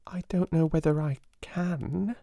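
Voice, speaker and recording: A man voicing a calm, polite little girl who speaks softly and steadily. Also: no room sound, heavily acted. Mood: gentle. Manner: soft, low, measured.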